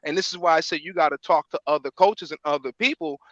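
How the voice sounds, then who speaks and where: A man's voice: a little high, fast talker, fairly bright tone, no room sound. A man talking in a rambling, casual way, full of "like" and fillers, as a guest in a chat. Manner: rambling, filler-heavy, constant "like". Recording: dull lo-fi dry sound.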